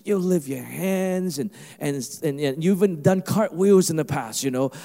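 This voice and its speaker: A male pastor preaching a sermon, animated and emphatic, with a conversational delivery. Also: fairly high pitch, moderate pace, creaky, big-room sound. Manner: animated, rising to emphatic preaching with mimicked asides.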